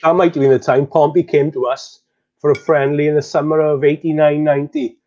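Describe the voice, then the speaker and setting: A man's voice: on the high side, little pitch movement, a little fast, darkish tone. Man on a dull, lo-fi line. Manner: laid-back, with frequent agreeing interjections. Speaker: guest. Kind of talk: casual chat.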